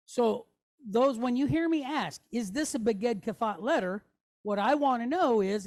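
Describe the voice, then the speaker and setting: A woman leads a classroom lesson at a medium pitch for a woman. She explains patiently, sounding out each letter and syllable slowly and drawing them out for her students. She keeps checking in with a quick "okay?" or "right?" as she goes. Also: darkish tone. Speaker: Hebrew teacher.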